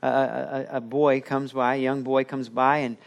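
A man's voice: medium pitch, level tone, moderate pace, vocal fry. A male pastor preaching a sermon in an earnest, conversational way, acting out quoted voices as he goes.

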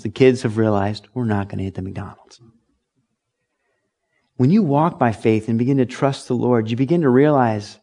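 A man's voice: medium pitch, darkish tone. A middle-aged man preaching a sermon in a conversational way, acting out quoted lines and reading scripture aloud. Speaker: pastor.

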